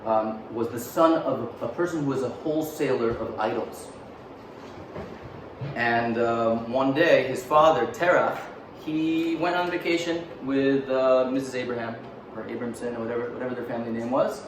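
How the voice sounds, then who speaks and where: A man's voice: mid-range voice, steady tone, moderate pace, background noise. Man telling a story in an echoey room. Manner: conversational, joking asides, many fillers. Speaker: teacher. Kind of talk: casual storytelling talk. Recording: roomy echo, mic far off, faint ambience.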